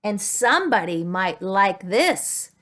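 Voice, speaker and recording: Using toys, this woman, a speech-language pathologist, shows young kids how to make a speech sound while speaking slowly and stretching it out. She has a mid-range, sing-song voice with a fairly bright tone and a faint hiss or hum in the audio.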